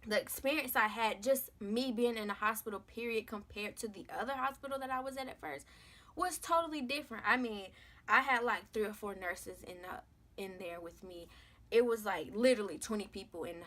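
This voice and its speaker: A woman's voice: medium pitch, fairly bright tone. Young woman, vlogger, emphatic and conversational storytelling. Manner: emphatic, conversational, slangy, repeats phrases for stress. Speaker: vlogger, mother sharing her birth story. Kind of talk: candid storytelling to camera.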